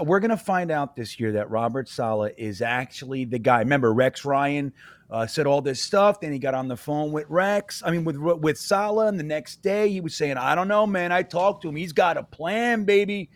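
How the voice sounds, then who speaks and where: A man's voice: fairly high pitch, lively intonation, normal speed, no room sound. A man co-hosting a sports podcast, teasing and wisecracking in casual chat. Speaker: podcast co-host.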